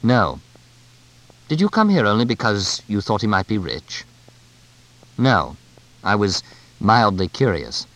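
A man's voice: lowish voice, big pitch swings, measured pace, pauses often, fairly bright tone, exaggerated voice, poor audio. Man voicing a dry, terse young American man. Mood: curt.

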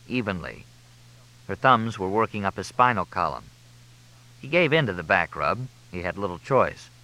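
A man reading an audiobook as narrator, in a measured, expressive way. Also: low-pitched, rough recording. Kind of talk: scripted narration.

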